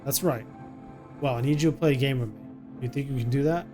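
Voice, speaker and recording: A man voicing a frightened young mother who talks to her little son in a hushed, soothing way, reading game dialogue aloud. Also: medium pitch, fast, music in the background, close to an everyday voice. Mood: hushed, coaxing. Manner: hushed and soothing, coaxing a child.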